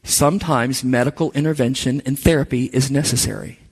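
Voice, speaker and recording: A man's voice: medium pitch, steady tone, brisk, slightly rough. A middle-aged man preaching a sermon to his church in an earnest way. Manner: earnest, acts out quoted voices. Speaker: pastor. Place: church sanctuary. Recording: reverberant church hall.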